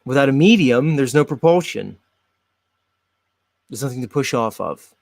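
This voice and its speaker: A man's voice: medium pitch, lively intonation, moderate pace, gravelly, no echo. A man hosting his own show, chatting casually and talking straight to his viewers while he comments on videos. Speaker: host.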